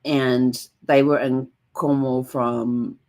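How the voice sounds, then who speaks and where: A woman hosting a genealogy channel, talking casually and animatedly, jumping up high when she acts out her own reactions. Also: flat delivery, takes it slowly, a little mellow. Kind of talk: casual solo talk to camera.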